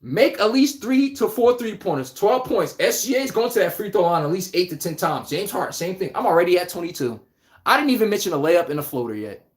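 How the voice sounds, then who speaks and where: A man hosting a live basketball talk stream, animated and trash-talking, laughing often and answering viewers by name. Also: sits high, fast talker. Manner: addresses chat viewers by name. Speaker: podcast host. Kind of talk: casual live sports talk.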